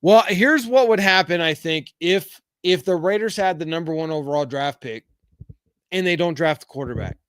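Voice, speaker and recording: A middle-aged man runs a laid-back live-chat podcast, voicing viewer comments and responding with candid, wandering opinions loaded with fillers. He talks at a normal speed in a slightly high, somewhat bright, smooth voice. The audio has studio quality and no echo.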